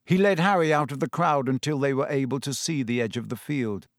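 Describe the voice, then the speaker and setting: A man narrating a storybook with a lively, expressive reading. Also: medium pitch, brisk, dry recording, studio quality. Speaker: audiobook reader.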